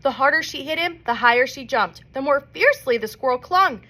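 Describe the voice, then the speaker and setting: Lively woman reading a storybook aloud. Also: high-pitched, a little fast. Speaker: reader. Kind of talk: reading a children's novel aloud.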